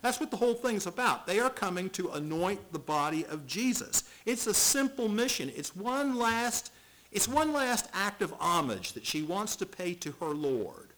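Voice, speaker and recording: A middle-aged male pastor preaching an expository sermon, reading scripture aloud and repeating words as he swings from loud to hushed. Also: high voice, big pitch swings, normal speed, hardly any pauses, poor audio.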